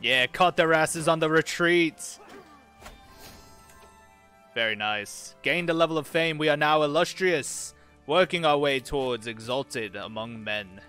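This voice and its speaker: A man with a bright, forceful voice talks his way through a strategy game, reading event texts aloud and tossing off casual asides to his viewers. Faint music plays under his commentary. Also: fairly high pitch, measured pace. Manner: casual, chatty, mutters reactions to the game. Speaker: gaming channel host.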